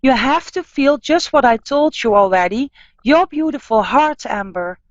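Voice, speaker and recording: Soothing woman psychic host, slow. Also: high voice, expressive, no echo, muffled recording. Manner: soothing, slow, repeats caller's name. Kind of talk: live radio call-in healing session.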